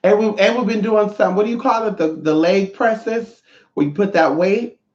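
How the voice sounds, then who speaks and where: A man in his thirties chatting casually on a livestream, sassy and expressive. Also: normal speed. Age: 30s. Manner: sassy, expressive, swings pitch a lot. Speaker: livestream host. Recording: roomy dull lo-fi sound.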